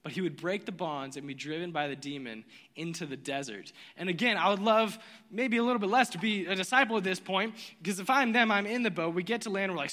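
A man preaching a sermon, telling the story with lively energy and acting out the voices of its characters. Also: sits high, fast talker, long reverb tail. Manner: animated storytelling, acts out voices. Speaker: pastor.

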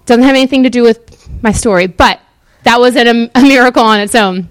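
A woman's voice: on the high side, fairly quick, clean tone, no room sound. Chatty woman giving a casual Bible talk. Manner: chatty, animated, lots of fillers. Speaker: Bible teacher. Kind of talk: casual sermon-style Bible teaching.

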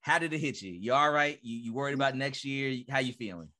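Speaking fast with a sharp tone at medium pitch, this male podcast host runs a casual interview. His questions come wrapped in long, rambling setups.

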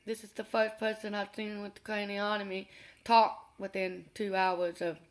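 A woman recounting a personal experience in an interview, earnest and unhurried, with pauses and restarts. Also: mid-range voice, flat delivery.

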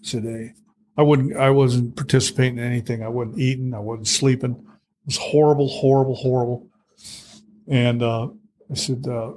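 A man's voice: mid-range voice, fairly even intonation, normal speed, long pauses, a little mellow. A middle-aged man telling his own story in conversation, blunt and plainspoken, full of fillers and restarts. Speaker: guest.

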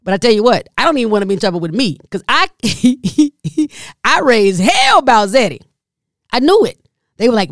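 A woman telling a comedic story, animated and exasperated, with sudden jumps in pitch for emphasis. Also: moderate pace, no echo, clean studio sound.

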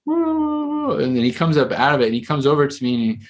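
A man's voice: a little high, wildly swooping pitch, brisk. A male therapist telling a story in a casual podcast conversation, rambling with lots of fillers and restarts.

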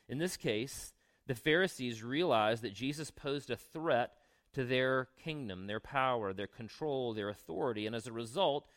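Younger guy preaching, chatty, asks the church questions, medium pitch. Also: fairly bright tone. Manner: conversational, asks the congregation questions. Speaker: pastor. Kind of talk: sermon.

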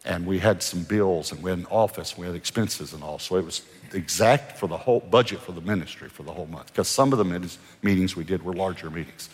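Middle-aged male pastor, lively sermon storyteller, husky low voice, echo from a big church hall. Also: fast talker, hardly any pauses. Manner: animated storyteller acting out dialogue. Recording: long hall reverb from a church.

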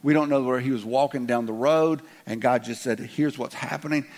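A man's voice: medium pitch, steady tone, a little fast, darkish tone. A man with a Southern US accent, a pastor leading prayer and preaching a sermon to a church congregation in a folksy, joking way. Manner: folksy and joking, speeds up when reading scripture. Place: church sanctuary.

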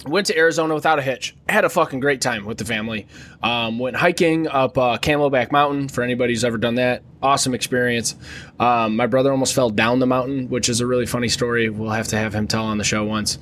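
A man co-hosting a casual podcast, spinning a crude, jokey travel story. He rambles along with plenty of fillers in a mid-pitched voice. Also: steady tone, quick pace, a bit bright, a little hiss or hum. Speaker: podcast co-host.

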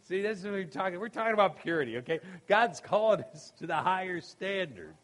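A man's voice: sits high, animated, fairly quick. A man preaching a sermon in a conversational way, often asking "okay?" and acting out funny anecdotes. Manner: conversational, many "you know" and "okay?" asides; acts out quoted voices in humorous anecdotes, laughing. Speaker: pastor.

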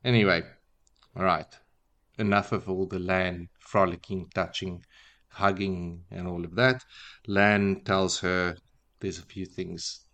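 Slow, deep-voiced man retelling a story. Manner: relaxed storytelling with fillers and wry asides. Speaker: podcast host. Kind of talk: casual retelling of a book chapter.

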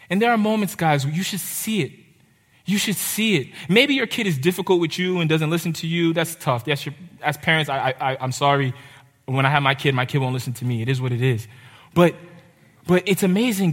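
A young man preaching a sermon, urgent and impassioned, with dramatic pauses. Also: fairly high pitch, a bit bright. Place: church hall. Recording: reverberant hall.

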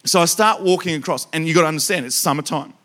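Aussie preacher guy, jokey and animated, tells funny stories to the crowd, kinda high bright voice. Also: fast. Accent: Australian. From Australia. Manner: animated, joking, talks straight to the crowd. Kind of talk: sermon with comic storytelling.

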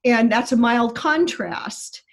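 A woman with a somewhat high, husky voice explains the grammar of a Greek text. She talks in a careful, technical way. Her sentences often stop and restart. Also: takes it slowly. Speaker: biblical Greek scholar. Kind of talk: explanatory interview talk.

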